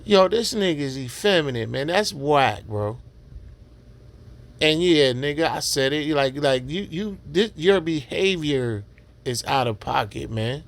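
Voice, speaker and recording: Slow, ranting man mocking a clip. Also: a little high, expressive, gravelly. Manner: ranting, mocking, repetitive slang-heavy rant. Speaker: reaction commentator. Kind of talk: casual reaction commentary.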